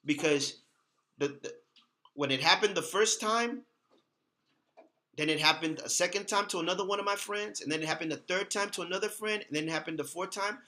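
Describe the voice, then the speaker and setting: A man's voice: high-pitched, fairly quick, sharp tone. A man hosting a casual talk, speaking earnestly and repeating words for emphasis. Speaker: host. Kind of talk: casual talk about his past.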